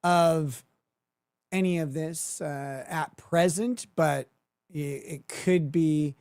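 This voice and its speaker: Slow, sarcastic male stream host. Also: a little high, a little mellow, no echo, studio quality. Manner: sarcastic, crude, laughs at his own jokes. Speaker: livestream host. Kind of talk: mocking livestream commentary.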